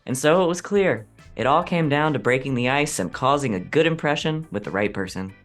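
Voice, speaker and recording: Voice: medium pitch, expressive, brisk, faint music behind. A game master narrating a tabletop role-playing session, mixing dramatic storytelling with casual asides.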